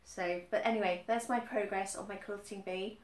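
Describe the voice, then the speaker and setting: This cross-stitch vlogger from the UK chats about her stitching with frequent ums and repeats, her medium-pitched voice fairly even and at normal speed. Roomy echo, some distance from the mic, and faint background noise color the recording.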